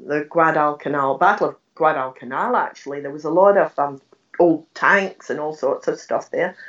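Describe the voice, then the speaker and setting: In a dull, slightly distant recording, an older woman with a low voice tells ghost stories as an interview guest. She's animated, laughs a lot, and acts out her own past words.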